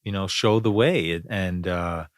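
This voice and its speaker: Low-voiced man musing on spiritual ideas. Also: unhurried, dry recording, clean studio sound. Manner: rambling and reflective, many fillers and restarts. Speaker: podcast host. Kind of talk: casual spiritual conversation.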